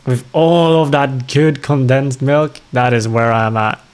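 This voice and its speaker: A man's voice: mid-range voice, measured pace, clear, resonant tone. A man streaming a game, chatting casually and reacting with dramatic, self-mocking exclamations and frequent laughs. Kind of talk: casual gaming livestream chat.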